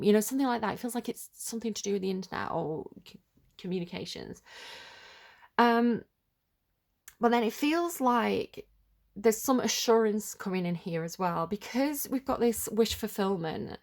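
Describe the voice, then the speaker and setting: Woman, tarot reader, middle pitch, chatty and tentative, unscripted thinking aloud. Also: moderate pace, creaky, long pauses, a little mellow. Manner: rambling and chatty, full of "like" and "kinda". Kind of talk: unscripted collective tarot reading.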